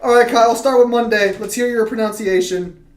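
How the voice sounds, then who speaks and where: A man's voice: extremely high pitch, fairly even intonation, brisk. A man hosting a casual gaming chat with friends, teasing and laughing often. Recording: echoey room.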